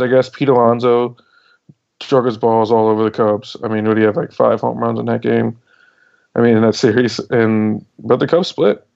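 A man's voice: mid-range voice, creaky, darkish tone, highs cut off. A young man on a sports podcast, venting in a rambling, casual way and swearing now and then. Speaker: podcast co-host.

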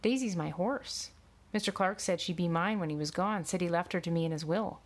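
A woman's voice: lowish voice, fairly quick, natural voice. A woman voicing a young male farmhand who pleads in plain, earnest words.

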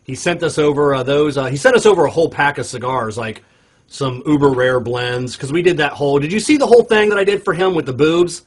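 A man's voice: on the high side, a little fast. Rambling man on a cigar podcast. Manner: rambling, many fillers. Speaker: podcast co-host. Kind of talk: casual podcast chat.

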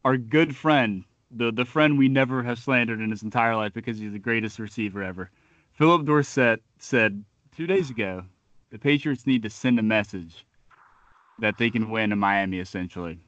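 A man's voice: on the low side, moderate pace, fairly bright tone, no echo, dull audio. A man co-hosting a sports podcast, riffing with trash talk and long comic analogies. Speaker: podcast co-host.

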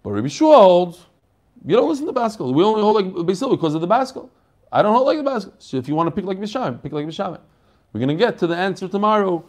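A man with a fairly high voice teaches a daily Talmud class. He explains quickly and animatedly, mixing Hebrew and Yiddish terms into his English. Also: big pitch swings, darkish tone.

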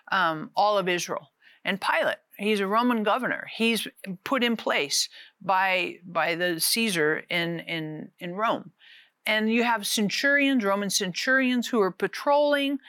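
A woman preaching a casual, conversational sermon, animated and often repeating words. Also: medium pitch, no echo.

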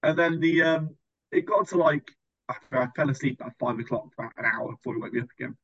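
A man's voice: on the high side, quick pace. Sarcastic man ranting. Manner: sarcastic, exasperated, sweary. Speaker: podcast host. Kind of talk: casual chat, ranting anecdote. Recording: slightly dull lo-fi recording.

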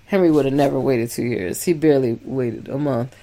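A woman co-hosting a couple's podcast, telling her side with animated, emphatic storytelling. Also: a bass voice, a little fast. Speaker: podcast co-host. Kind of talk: casual couple's podcast chat.

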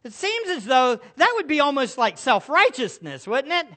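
A man's voice: extremely high pitch, sing-song, normal speed, pushed and bright. A middle-aged male pastor preaching a sermon, asking the congregation rhetorical questions.

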